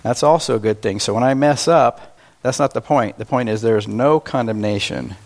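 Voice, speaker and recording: A man preaching a sermon to a congregation, talking in a casual, self-deprecating way and slowing down to stress key phrases. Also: mid-range voice, darkish tone. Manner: conversational and self-deprecating, with emphatic slowed phrases. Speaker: pastor.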